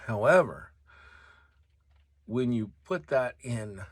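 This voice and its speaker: A middle-aged man hosting his own show, talking casually and earnestly with pauses and fillers. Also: mid-range voice, expressive, dry recording. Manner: earnest, conversational, pausing with fillers. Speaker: host. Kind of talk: casual solo talk.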